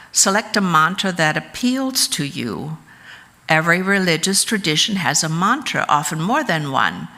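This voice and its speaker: A woman giving a calm, measured teaching talk at a church service, explaining spiritual practices in an unhurried way. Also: fairly low pitch. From United States.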